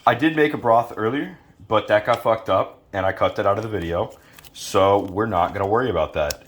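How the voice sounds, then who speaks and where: A man's voice: on the low side, brisk. A man from Louisiana giving a casual cooking tutorial in his home kitchen, laid-back and profane with joking asides. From Louisiana, USA. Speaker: home cook. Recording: noisy kitchen with frying sizzle. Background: food sizzling in a pan.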